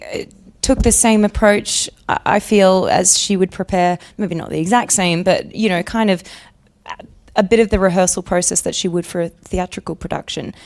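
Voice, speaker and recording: A chatty Australian woman talks through an interview in a relaxed, bubbly way, laughing often as she tells stories. Her voice sits at a middle pitch for a woman. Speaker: actress, interview guest. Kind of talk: casual interview chat.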